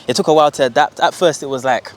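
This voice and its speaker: A young man with a London accent, a podcast guest telling his story in casual, animated conversation. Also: on the high side, very fast. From England. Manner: animated storyteller, acts out quoted voices. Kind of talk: casual interview chat.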